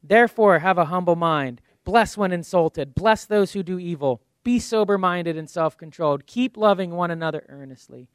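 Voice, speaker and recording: A man's voice: sits high, normal speed, hardly any pauses, clear, resonant tone, no echo. A man preaching a sermon in a conversational way, acting out little asides and ending in prayer. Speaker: pastor.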